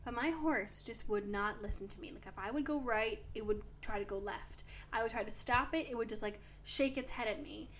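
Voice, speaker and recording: A woman's voice: on the high side, a little fast, hardly any pauses, a bit bright, slight background noise. A young woman co-hosting a podcast, chatting casually and telling stories with lots of "like" fillers. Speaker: podcast co-host. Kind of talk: casual chat.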